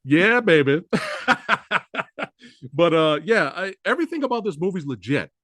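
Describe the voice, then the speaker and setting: A male interview host talks with big, hammy excitement, and his pitch swings widely. His voice sits somewhat high for a man, and the sound is close and dry. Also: a little slow, dry recording. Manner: hyped, exclamatory, hammy. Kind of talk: enthusiastic interview chat.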